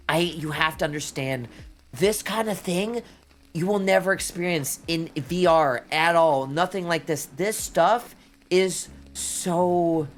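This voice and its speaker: A streamer chatting casually and excitedly to viewers, rambling between thoughts and often exclaiming. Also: mid-range voice. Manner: excitable, rambling, says "dude" and "oh my God" often. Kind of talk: casual livestream chat.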